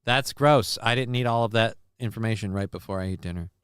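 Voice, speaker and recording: A man's voice: fairly low pitch, brisk, a bit bright, clean tone, dry recording, clean studio sound. A man hosting a casual live stream, reading chat messages and news aloud and cracking crude jokes. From northern United States. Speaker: show host.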